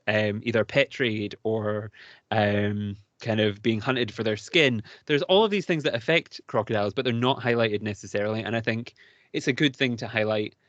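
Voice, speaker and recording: A man's voice: lowish voice, a bit bright, dry recording. Chatty man with a dull, dry sound. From United Kingdom. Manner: enthusiastic, rambling, laughs often. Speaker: podcast co-host. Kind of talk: casual chat.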